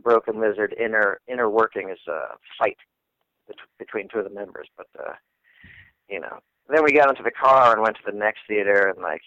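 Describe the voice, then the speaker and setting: A man's voice: fairly low pitch, brisk, dry recording, muffled recording. Swearing male comedian telling a story. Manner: animated, swearing, acts out the people in his story. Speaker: guest comedian. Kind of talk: casual storytelling.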